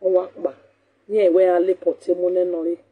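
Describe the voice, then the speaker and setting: A woman with a Nigerian accent hosting a talk show, talking casually in an animated, scolding way and repeating her points for emphasis. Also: lowish voice, brisk, breathy edge, phone-quality sound.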